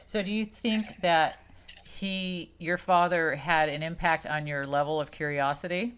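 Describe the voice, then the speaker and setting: A woman's voice: low-pitched, fairly even intonation, a little slow, fairly bright tone. A woman hosting an interview in a casual chat, curious and asking questions with small restarts. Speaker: interview host.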